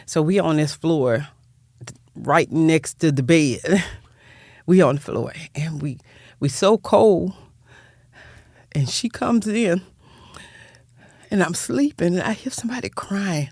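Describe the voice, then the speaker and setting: Older woman, gravelly voice, heartfelt and rambling, close dry mic. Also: low-pitched, lively intonation, slow, pauses often, darkish tone, no echo. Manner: rambling, heartfelt, repeats words. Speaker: guest, nonprofit founder. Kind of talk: personal storytelling in interview.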